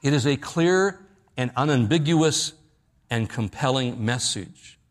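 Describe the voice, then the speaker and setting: A middle-aged male pastor preaching an evening church sermon, slowing down and dropping low on the key phrases. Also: animated. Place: church service at night.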